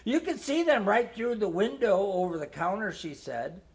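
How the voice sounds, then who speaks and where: A man reading a nostalgic holiday story aloud in a gentle storytelling manner. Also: sits high, sing-song, normal speed. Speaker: narrator.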